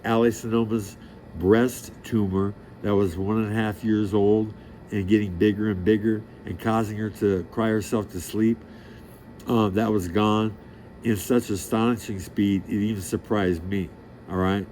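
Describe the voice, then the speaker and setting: A middle-aged man with a somewhat low voice delivers a rambling monologue straight to the listener. He is brash and crude, bragging and peppering his talk with street slang. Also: steady tone, a little slow, darkish tone, a little hiss or hum. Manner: profane, boastful, streetwise; rambling, loses track of the story. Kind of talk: rambling direct-to-camera monologue.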